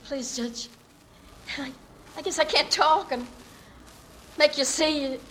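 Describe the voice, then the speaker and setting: A woman's voice: sits high, slow pace, a bit bright, slight background noise, rough recording. A woman acting an earnest young working-class woman who politely pleads her case to a judge in a dramatic monologue. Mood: pleading.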